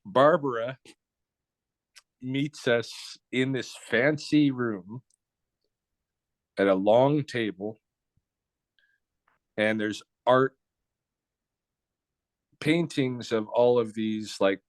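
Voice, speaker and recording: A man's voice: medium pitch, extremely slow, pauses often, no room sound. Blunt, profane man telling a story. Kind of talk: casual spoken storytelling.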